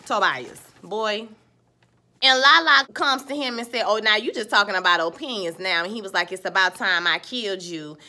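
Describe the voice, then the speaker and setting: A woman, giving a casual, animated recap of a TV episode with playful asides. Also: mid-range voice, normal speed. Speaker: TV episode reviewer.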